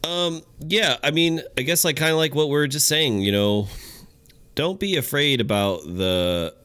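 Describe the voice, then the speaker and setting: A man's voice: a little high, animated, measured pace, sharp tone, clean tone, no echo. A man co-hosting a podcast in casual chat, easygoing, with many fillers. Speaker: podcast co-host.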